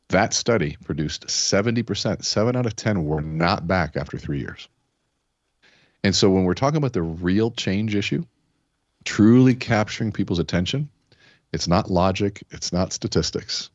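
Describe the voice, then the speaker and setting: A man's voice: low-pitched, animated, normal speed, no echo, highs cut off. A man talking as a guest in an interview, telling stories and sprinkling in fillers like "you know". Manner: storytelling, acts out quoted characters, many fillers. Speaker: keynote speaker, podcast guest. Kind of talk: conversational interview with told stories.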